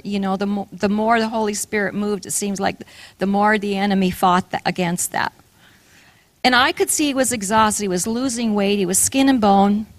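A woman's voice: medium pitch, no room sound. An older woman preaching a sermon, telling a personal story in an earnest way and asking the audience questions.

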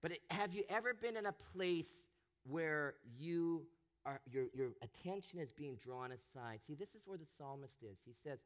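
A man preaching a sermon, animated and expressive, acting out the voices he quotes. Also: a little high, moderate pace. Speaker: pastor.

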